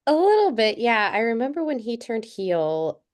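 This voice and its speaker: A woman's voice: on the high side, normal speed. A young adult woman co-hosting a podcast, telling a story in casual chat and acting out the quotes. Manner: animated storytelling, acts out quotes. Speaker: podcast co-host.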